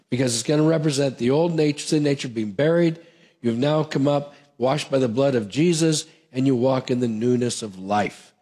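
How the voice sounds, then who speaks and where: A male pastor teaches doctrine in an earnest, conversational sermon. His voice is a little husky and breathy, and he sits at a middle pitch for a man. He restarts and circles back as he talks. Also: a little mellow.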